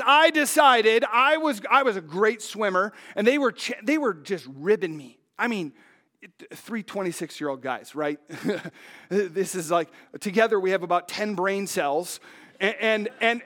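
A man with a high voice tells a story to a live audience from a stage. He halts often, stumbling over fillers and restarts. At the tense moments his voice sinks low and quiet. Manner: dramatic, drops to a hush at tense moments; halting, with many fillers and restarts. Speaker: speaker on stage.

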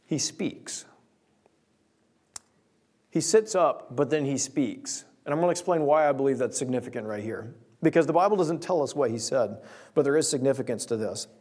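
A young man preaching a sermon, telling a story in an animated way and acting out voices and sound effects. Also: medium pitch, quick pace.

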